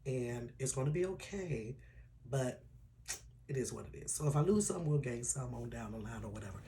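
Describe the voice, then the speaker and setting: A man vlogging an update to his viewers in a casual, earnest way, with a tired, hoarse throat. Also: mid-range voice, animated, normal speed, warm tone. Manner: earnest, personal and emotional, drops to a whisper at times. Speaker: YouTuber.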